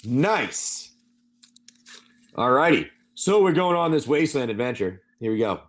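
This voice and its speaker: Hosting a live stream, this man runs a tabletop wasteland adventure as game master, rambling loosely and calling on his players by name. His voice sits at a medium pitch and sounds very animated, yet he never hurries.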